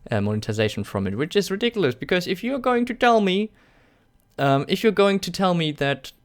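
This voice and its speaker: A man's voice: high voice, sing-song, fairly quick. Sarcastic German man on a live stream. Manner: sarcastic, joking, laughs often. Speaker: YouTube channel host. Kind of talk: casual live-stream Q&A, reading chat aloud.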